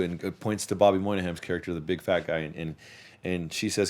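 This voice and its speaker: Low-voiced man in rambling casual chat. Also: flat delivery, a little fast. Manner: profane, rambling, repeats words when restarting. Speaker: podcast host; youth sports coach.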